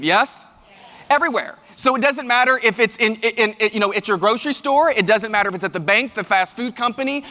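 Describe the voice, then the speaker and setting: A man gives a keynote in a big hall, and his voice rings out with a long reverb. He sounds high and bright as he tells animated stories and speaks straight to the crowd. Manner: animated storytelling, addresses audience directly. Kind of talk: motivational keynote. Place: large hall with live audience.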